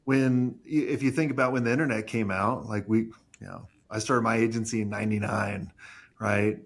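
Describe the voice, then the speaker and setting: A man with a husky, slightly raspy voice, chatting casually on a podcast. He talks bluntly and with emphasis, tossing in the odd swear word. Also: on the low side, steady tone, moderate pace. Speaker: agency owner.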